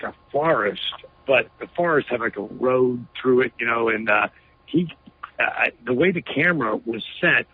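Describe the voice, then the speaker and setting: A man's voice: mid-range voice, slightly rough. A man being interviewed, telling a story emphatically with lots of "you know" fillers over a phone line. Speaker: interview guest.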